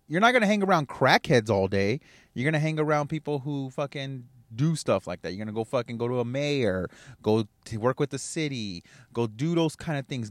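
A man's voice: medium pitch, no room sound, clean studio sound. Blunt, swearing motivational man. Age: adult with kids. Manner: blunt, profane and fired up. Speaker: motivational podcast host. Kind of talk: motivational rant.

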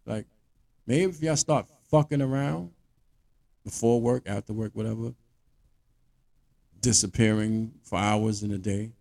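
A man's voice: lowish voice, steady tone, measured pace, gravelly, pauses often, darkish tone. A man delivering a blunt, profane monologue rant as a podcast host.

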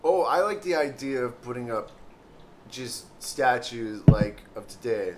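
A young man co-hosting a podcast, trading teasing, deadpan sarcastic jabs. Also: medium pitch, measured pace, heavy background noise. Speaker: podcast co-host. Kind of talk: casual podcast banter.

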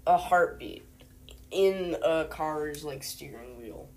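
Slow, low-ish young woman hosting a mock newscast. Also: noisy background. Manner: rambling, hesitant, full of fillers. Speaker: host of a mock news show.

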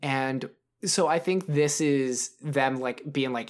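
A man's voice: medium pitch, slow. A man co-hosting a podcast, talking in a loose, rambling way. He restarts his sentences often and fills the gaps with "like" and "um". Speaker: podcast co-host. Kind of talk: casual podcast chat.

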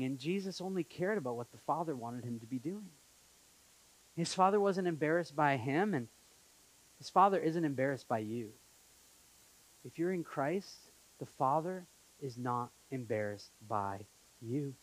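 A man preaching a conversational sermon as pastor, acting out quotes in an animated way. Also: on the high side, normal speed, rough recording. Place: church in Montreal.

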